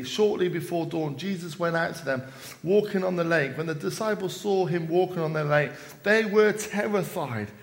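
Man, preacher, evening sermon, church service, slightly high voice, dramatic retelling. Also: gravelly. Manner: dramatic retelling with quoted lines, rising and falling emphasis.

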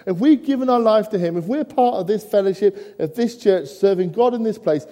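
A man delivers a sermon with a high, mellow voice that rings out through a church with a long reverb tail. He breaks his preaching with humorous asides and keeps putting rhetorical questions to his listeners. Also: brisk.

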